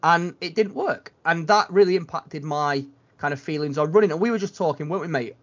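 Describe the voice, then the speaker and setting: A man's voice: on the high side, a little fast. A man hosting a running podcast, chatting casually and rambling with many restarts. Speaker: podcast host. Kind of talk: casual chat. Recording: dull lo-fi sound.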